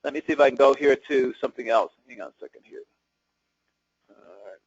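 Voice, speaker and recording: Husky man teaching a seminar crowd. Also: mid-range voice, quick pace, no room sound. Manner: conversational, asks the audience questions. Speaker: real estate trainer. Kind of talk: live seminar talk to an audience. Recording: dull lo-fi seminar recording.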